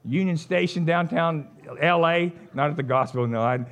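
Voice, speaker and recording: A man preaching a casual, conversational sermon, folksy and animated, leaping from high exclamations to low asides. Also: normal speed. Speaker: pastor.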